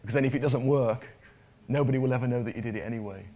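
A man's voice: mid-range voice, very fast, mellow. Man preaching a conversational sermon. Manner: conversational, repeats words, asks the congregation questions.

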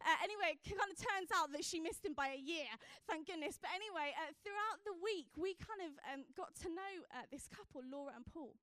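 A woman's voice: high voice, brisk, few pauses, fairly bright tone, dry recording, studio quality. A young woman giving a chatty personal testimony from a church stage as a youth evangelist, with lots of fillers as she tells her story.

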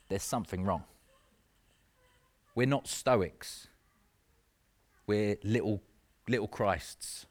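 A man preaching a sermon in an earnest, conversational way, with self-mocking asides. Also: mid-range voice.

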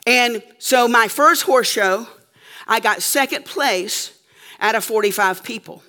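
Emphatic woman preacher with a bright voice. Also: on the high side, unhurried. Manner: emphatic, keeps checking in with the audience. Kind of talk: sermon storytelling to a live audience.

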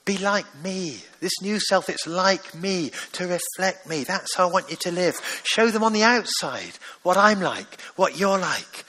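A man voicing a loving heavenly father who gently coaxes and pleads with his children. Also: sits high, animated, a little slow, hardly any pauses, big-room sound, full character voice. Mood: tender, pleading. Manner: gentle and coaxing, repeats "come on".

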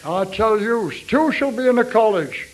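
A man's voice: sits high, expressive, normal speed, a little hiss or hum, low-quality recording. A man preaching a fervent revivalist sermon, repeating his refrain and breaking into tongues.

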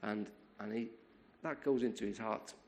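A man preaching a sermon, retelling a story in a lively way, often repeating words and restarting his sentences. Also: fairly low pitch, normal speed.

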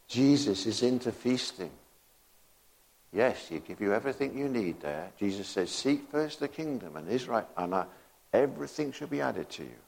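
An older man preaching a sermon, slow and emphatic, with rising exclamations and bursts of laughter. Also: mid-range voice, a little mellow.

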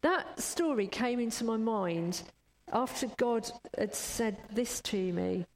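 A woman preacher giving a sermon, telling stories in an unhurried way, in a long church reverb. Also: a little high, a little mellow, a little hiss or hum. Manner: unhurried, storytelling.

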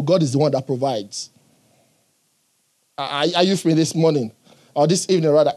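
A man's voice: a little high, dark tone, breathy edge. A man preaching a sermon in an earnest, emphatic way, often checking in with the congregation.

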